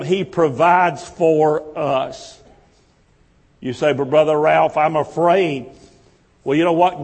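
A man's voice: fairly high pitch, darkish tone, breathy edge, long reverb tail. A male pastor delivering an impassioned sermon with a repetitive preaching cadence.

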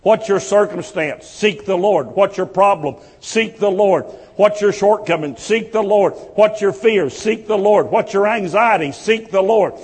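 A man preaches a sermon in a high, ringing voice, taking his time over each phrase. His delivery is impassioned and builds through repeated refrains. The sound carries the long reverb of a church hall. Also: a little slow, hardly any pauses, husky. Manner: impassioned, repetitive preaching cadence. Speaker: pastor.

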